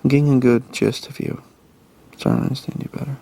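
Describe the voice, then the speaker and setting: A man's voice: medium pitch, steady tone, fast, gravelly, dark tone. A young man talking earnestly and reassuringly to his partner, often restarting his sentences. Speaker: reality show houseguest. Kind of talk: intimate casual talk.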